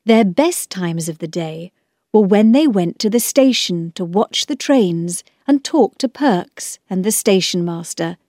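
Woman reading a storybook, slow, lively pitch, dry close sound, clear and measured. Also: no room sound. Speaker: narrator.

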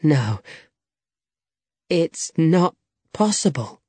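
A man voicing a reckless, hot-headed young swordsman in an audiobook, eager and quick to raise his voice. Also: on the high side, animated, dry recording. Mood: brash. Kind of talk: audiobook character reading.

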